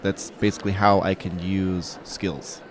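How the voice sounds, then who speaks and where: A man with a low voice explains his character's moves step by step. His delivery is deliberate and plain. The talk is casual tabletop game chat. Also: level tone, a crowd in the background. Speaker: player.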